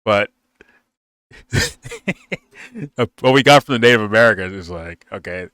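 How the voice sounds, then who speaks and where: A man's voice: fairly low pitch, measured pace, bright, forceful tone, clean tone, no room sound, clean studio sound. Rambling, profane man reviewing a film. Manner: profane, rambling, laughs often.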